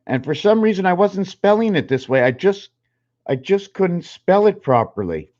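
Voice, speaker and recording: A man hosting his own channel, musing in a halting way, counting and spelling things aloud while drawing, a little out of breath. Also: sits high, very animated, darkish tone. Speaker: channel host. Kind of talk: rambling numerology talk while drawing. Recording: slightly dull lo-fi recording.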